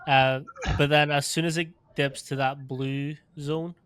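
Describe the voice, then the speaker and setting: A man who works as a strength coach, explaining his training in casual podcast talk, filling pauses with "like" and "um". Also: fairly high pitch, smooth, no echo. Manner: even, filler-heavy explaining with frequent "like" and "um".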